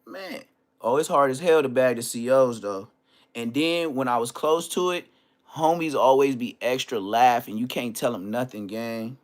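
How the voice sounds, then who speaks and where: A man telling stories as a podcast guest, in slangy, animated casual talk full of restarts. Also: mid-range voice, normal speed. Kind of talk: casual storytelling.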